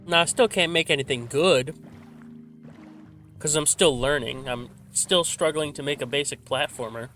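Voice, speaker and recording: Male gaming vlogger, fairly high bright voice, loose rambling talk with a slight stutter, faint music underneath. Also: normal speed. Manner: rambling, self-correcting, frequent restarts. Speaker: gaming channel host. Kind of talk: laid-back rambling commentary while playing. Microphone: desk microphone with a simple filter.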